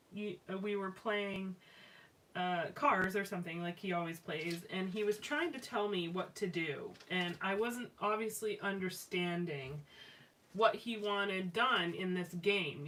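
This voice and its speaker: A woman's voice: mid-range voice, fairly bright tone. A woman chatting casually and rambling as she scrapbooks live on a stream, with many fillers and restarts. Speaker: live-stream craft host. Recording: slightly distant mic with faint background noise.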